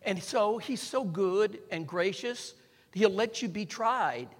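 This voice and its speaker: A man preaching a sermon, repeating phrases and building up to shouts, and calling on the congregation to respond. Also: sits high, takes it slowly, husky. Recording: long hall reverb.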